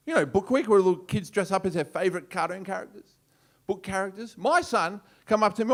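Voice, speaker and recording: A man's voice: high-pitched, lively intonation, fairly quick, hardly any pauses. A man with an Australian accent doing a brash, swearing stand-up routine on a comedy club stage. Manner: brash, swearing, punchy delivery.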